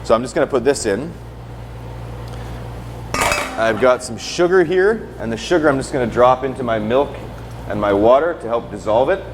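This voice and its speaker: A man's voice: medium pitch, normal speed, pauses often, background noise. A man teaching a cooking class while demonstrating, talking casually and ending most sentences with "right?" or "okay?". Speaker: culinary instructor. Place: teaching kitchen.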